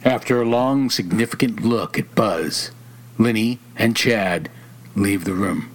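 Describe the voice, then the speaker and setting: A man reading scripted narration slowly and deliberately. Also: on the low side.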